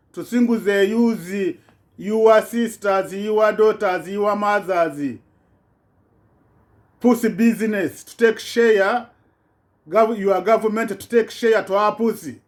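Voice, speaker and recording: A man's voice: high-pitched, takes it slowly. Indignant man ranting in broken English. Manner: broken non-native English, repetitive, indignant. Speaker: vlogger. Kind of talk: impassioned political rant.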